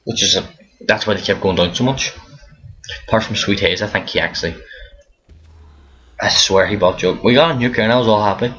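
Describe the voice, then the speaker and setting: A man's voice: lowish voice, a little fast, long pauses, a bit bright, husky. Tired young man rambling over gameplay. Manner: rambling, frequent restarts, tired yawning. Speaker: gaming commentator. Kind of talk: casual gameplay commentary. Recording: dull lo-fi mic with faint hiss.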